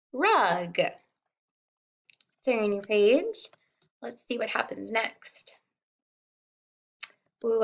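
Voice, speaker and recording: A woman kindergarten teacher reading a simple storybook aloud word by word, sounding out and repeating words and gently encouraging young children to follow along. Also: mid-range voice, muffled recording. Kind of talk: slow read-along lesson for young children.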